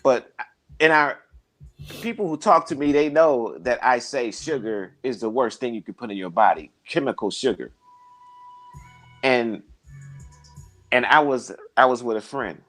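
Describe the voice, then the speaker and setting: A man's voice: mid-range voice, a little slow, long pauses, fairly bright tone, soft background music. A man talking casually, preaching and telling stories, and acting out the people he quotes. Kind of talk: casual conversation, storytelling.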